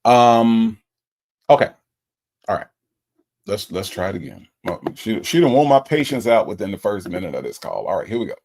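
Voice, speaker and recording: Low gravelly man reacting casually. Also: big pitch swings, normal speed, darkish tone. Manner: laid-back, exasperated, drawling. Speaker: host reviewing a recorded call. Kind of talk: casual chat reacting to live comments.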